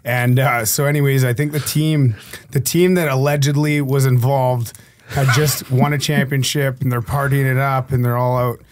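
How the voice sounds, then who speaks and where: A man with a middle-pitched voice guests on a podcast as a former hockey player. He tells an anecdote in a relaxed, rambling way, full of fillers and asides. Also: normal speed. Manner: rambling storyteller, many fillers like "you know". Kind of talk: casual anecdote telling.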